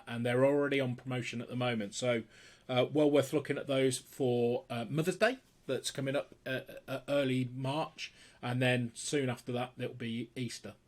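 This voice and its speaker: A man of ordinary pitch hosting a weekly product rundown. He talks off the cuff and keeps stopping to restart with plenty of ums and uhs, and he sounds keen as he pitches each item. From United Kingdom. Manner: unscripted, many fillers and restarts, enthusiastic sales pitch. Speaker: host presenting weekly product picks.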